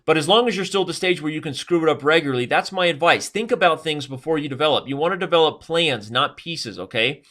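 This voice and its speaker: A man commentating live chess games in a fast, joking, chatty way, giving opening advice. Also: a little high, animated, bright, forceful tone. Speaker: chess streamer and coach.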